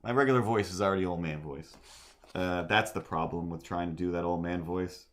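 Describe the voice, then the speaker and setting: A man's voice: sits low, a little fast. A man chatting casually on a drawing livestream, rambling and poking fun at himself with lots of fillers. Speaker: streamer and artist.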